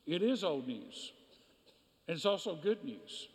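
A man with a notably high voice preaches a sermon, hammering points home through repetition. His words ring out with a long reverb in a church sanctuary. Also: very animated, unhurried, long pauses. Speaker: pastor.

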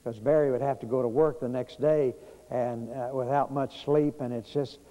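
A man's voice: mid-range voice, steady tone, mellow, highs cut off. Folksy preacher man in reverb. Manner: folksy, conversational with many pauses and fillers. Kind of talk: storytelling sermon. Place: church sanctuary.

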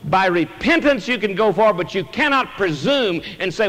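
A pastor preaches earnestly from the pulpit, a man with a notably high-pitched voice. He presses his points with emphatic rises and falls. The sound rings with the long reverb of a large church sanctuary. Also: animated, moderate pace, few pauses, fairly bright tone. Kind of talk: sermon.

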